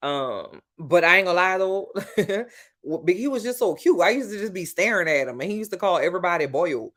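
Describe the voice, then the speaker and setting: A livestream host from New Orleans, USA, an adult woman with grown-up sons, chats casually with her viewers in a New Orleans accent. She's talkative and blunt, calling people "child" and "baby." Her voice is lowish, animated, fairly bright, and a little fast.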